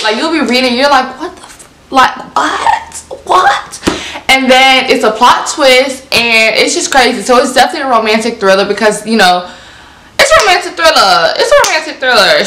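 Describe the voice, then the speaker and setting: A young woman, casually reviewing books in an animated, repetitive way. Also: mid-range voice, roomy sound, a little hiss or hum. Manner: animated, repeats herself, lots of "like". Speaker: book reviewer. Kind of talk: casual book review vlog.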